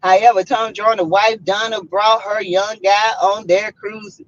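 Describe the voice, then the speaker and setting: A woman's voice: mid-range voice, unhurried, dry recording, dull audio. A woman with a Southern US accent, hosting a casual chat and telling a story dramatically. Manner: animated, dramatic, acts out quotes. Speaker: vlogger host.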